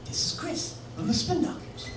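A man putting on a to play a chummy, excitable older rock guitarist in a story told at a live show. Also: moderate pace, lightly acted. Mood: matey. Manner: high, matey, excitable. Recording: echoey live room from far off with noise.

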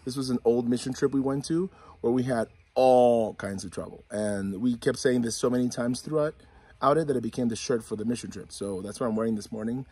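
Man, youth pastor, slightly husky, calm and earnest prayer request. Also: medium pitch, a little fast, no echo. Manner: earnest, reassuring, faith-focused. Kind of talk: casual spoken prayer request.

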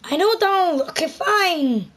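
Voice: very high voice, expressive, a little slow, fairly bright tone, a little hiss or hum. A young gamer recording a gaming video at home, bossy and scolding. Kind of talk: gaming commentary skit. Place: indoors at home.

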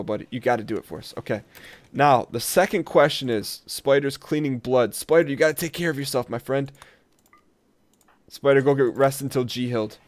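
A man doing let's play commentary on a colony game, talking to his colonists and jumping between rattled bursts and low mutters, with keyboard clicks behind. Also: no room sound. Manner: jumpy, talks to his colonists, spikes loud when tense.

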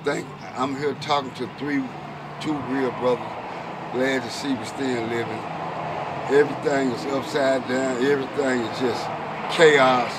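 A man's voice: medium pitch, fairly even intonation, a little slow, heavy background noise. A man rambling and joking outside a convenience store, reflective and easily amused. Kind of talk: casual street banter.

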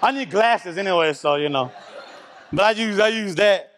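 A man giving a candid, animated testimony at a church service, a self-described loud talker. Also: sits high, moderate pace, a little hiss or hum. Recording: reverberant church hall.

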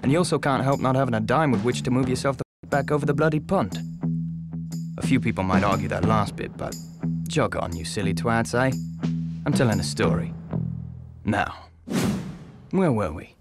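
A man's voice: medium pitch, animated, normal speed, pauses often, over loud music, lightly acted. A man playing a cocky young British small-time crook, narrating a film in a chatty, swearing voice-over and talking straight to the audience. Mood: wry.

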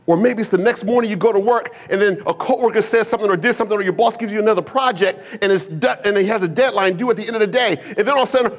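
Husky-voiced pastor preaching a casual sermon. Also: male voice, high voice, very fast, few pauses. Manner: casual, humorous storytelling with slang and rhetorical questions. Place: church sanctuary with a live congregation.

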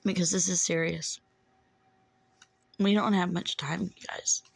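Pleading woman with a gravelly edge. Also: on the low side, steady tone, unhurried, low-quality recording. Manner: pleading, earnest, repeats herself. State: holding back tears. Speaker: self-described watchwoman. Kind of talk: urgent religious warning to camera.

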